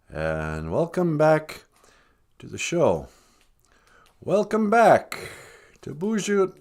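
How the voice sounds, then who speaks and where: A man's voice: a little high, wildly swooping pitch, drawn-out words, pauses often, a little mellow. A tired man hosting a comedic live stream in a laid-back, joking way.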